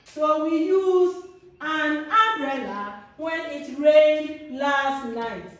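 A woman teaching a grammar lesson, repeating each example slowly with a sing-song lilt. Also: high voice, a bit bright. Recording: very echoey room, voice far from mic.

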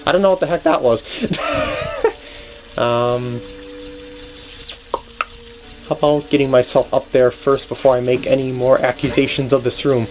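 A man's voice: mid-range voice, steady tone, moderate pace, pauses often, music in the background. A man hosting a let's play, giving casual gameplay commentary as he thinks aloud, often restarting sentences and chuckling.

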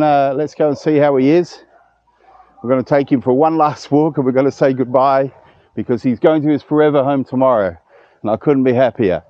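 Outdoors at a dog kennel, a fifty-something man talks casually to his camera in a warm-hearted, emotional, chatty vlog. His voice is mid-range, and the audio sounds dull.

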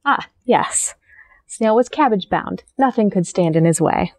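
A young woman who works as a children's librarian, reading a picture book aloud to children. Her narration is gentle and friendly, like a teacher's, and her voice sits at a medium pitch. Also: expressive, moderate pace, slight background noise. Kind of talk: storytime read-aloud for children.

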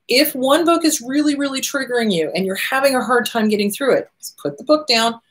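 A middle-aged woman therapist hosts an advice show, talking casually and animatedly and often acting out the voices of the people she quotes. Her voice is high and her delivery brisk.

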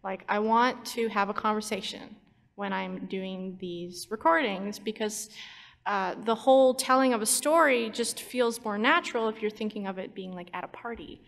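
A YouTube storyteller chats casually on a convention panel, her medium-pitched voice a bit bright with vocal fry at a moderate pace. She's chatty and giggly, full of fillers and restarts, and the hall adds long reverb.

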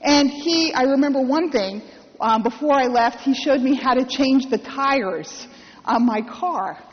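A woman's voice: high voice, measured pace, in a large hall, muffled recording. A woman priest giving a sermon, telling a personal story with wry humor and acted-out quotes.

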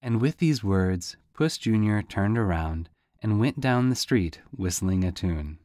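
A man narrating a storybook audiobook in a lively, folksy way. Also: lowish voice, measured pace, dry recording, studio quality. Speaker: audiobook reader.

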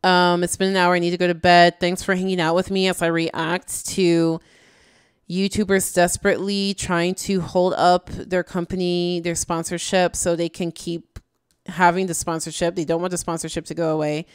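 A woman's voice: fairly low pitch, level tone, moderate pace, smooth, dry recording, studio quality. A woman giving casual, exasperated reaction commentary, slangy and tired late at night. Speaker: YouTube commentator.

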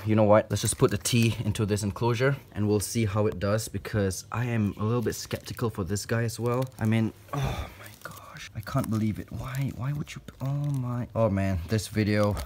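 A young man with a lowish voice films an unboxing on his handheld phone at home, and he sounds exasperated. He jumps from loud outbursts down to hushed whispers. Faint noise runs behind him. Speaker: tarantula keeper unboxing a delivery. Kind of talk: unscripted phone-filmed vlog.

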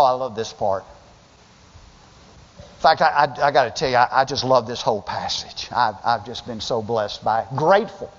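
A male pastor preaching a sermon with passion, stumbling over restarts and acting out the voices of people in the story. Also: mid-range voice. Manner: impassioned, acts out quoted voices, stammering restarts. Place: church sanctuary. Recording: dull sound in a long-reverb sanctuary.

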